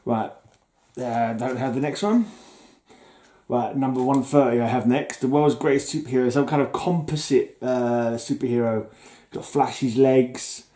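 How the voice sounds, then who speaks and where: A man's voice: medium pitch, fairly even intonation, a little slow, warm tone. Chuckling man showing his comics. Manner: chatty and easily amused, chuckles often. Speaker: comic collector vlogger. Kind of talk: casual comic collection show-and-tell.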